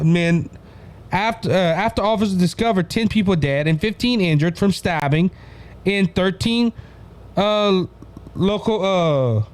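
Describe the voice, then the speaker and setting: A man with a Louisiana Cajun accent hosting a political commentary show, talking in an animated way and often addressing his listeners as ladies and gentlemen. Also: high-pitched. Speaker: host.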